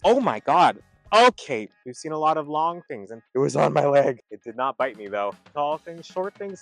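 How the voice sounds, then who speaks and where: A man hosting a comedic travel vlog outdoors at roadside attractions, talking in a campy, playful way full of puns and quick asides. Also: mid-range voice.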